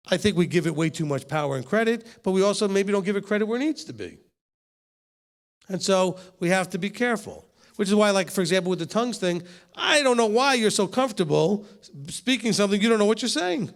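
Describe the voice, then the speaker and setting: A man's voice: high voice, vocal fry. A rabbi leading a conversational Bible teaching session with a group, asking rhetorical questions and teasing his listeners. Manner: talks straight to the room, rhetorical questions, teasing asides.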